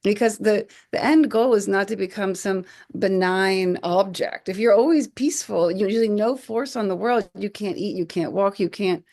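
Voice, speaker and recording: A woman in her forties, a podcast guest, telling stories in an animated way, acting out quotes and often restarting her phrases. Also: medium pitch, normal speed, few pauses. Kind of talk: conversational podcast storytelling.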